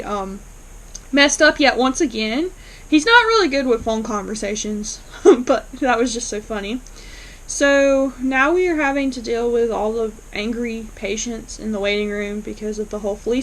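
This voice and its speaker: A woman's voice: fairly high pitch, poor audio. Chatty woman recapping a show. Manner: chatty retelling with quoted dialogue, laughs often. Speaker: fan reviewing a TV episode. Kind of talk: casual recap.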